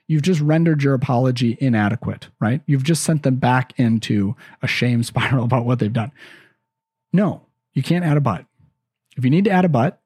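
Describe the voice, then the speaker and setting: Guy hosting a parenting podcast, warm husky voice, earnest and chatty, keeps restarting his sentences. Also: medium pitch, no echo, clean studio sound. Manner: earnest, conversational, restarts phrases often. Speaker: parenting podcast host and counselor. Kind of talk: casual advice talk.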